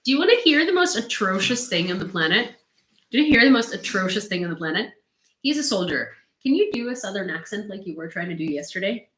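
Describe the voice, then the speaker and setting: A woman's voice: medium pitch, big pitch swings, quick pace, fairly bright tone, echoey room, slight background noise. A woman from Ukraine hosting a casual livestream chat at home, teasing and laughing a lot. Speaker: podcast host and reporter. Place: room at home with dogs.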